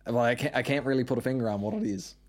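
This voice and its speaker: Fast-talking Newfoundland man. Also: mid-range voice, darkish tone. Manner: rapid, rambling storyteller with frequent "right?" tags. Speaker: podcast guest. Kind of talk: casual chat.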